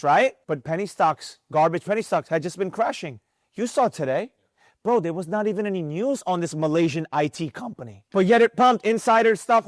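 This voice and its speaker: A man teaching a live day-trading class, energetic and firing rhetorical questions at his students. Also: high voice, dry recording, studio quality. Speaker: trading instructor. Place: room with students present.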